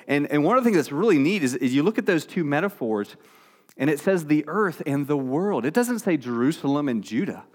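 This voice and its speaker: A man's voice: a little high, sing-song, a little fast. A man preaching a sermon in a conversational way, often restarting his phrases. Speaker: pastor.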